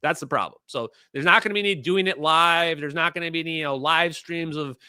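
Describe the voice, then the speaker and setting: A man hosts a livestream in a casual, animated way, chatting straight to his viewers. His voice is very bright and sits a little high for a man, and the recording is close and dry. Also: fast talker, clean tone, no room sound. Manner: animated, conversational, addresses viewers as guys. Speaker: host.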